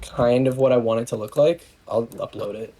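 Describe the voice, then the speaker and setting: A man playing a tabletop game, chatting casually in a halting, rambling way and swearing freely. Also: mid-range voice, mellow, low-quality recording. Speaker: player.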